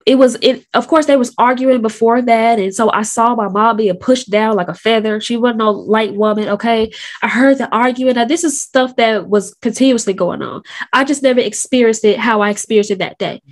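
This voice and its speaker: A woman's voice: on the high side, brisk. A woman in her thirties telling a personal story in a candid, conversational way with casual slang, while feeling sick. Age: 30s. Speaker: host.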